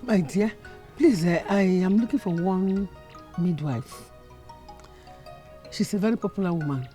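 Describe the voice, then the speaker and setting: A polite stranger asking the way in a Nigerian English accent. Her voice is low and mellow, with faint music underneath. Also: expressive, a little slow. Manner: polite, pleading inquiry. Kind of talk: film drama acting.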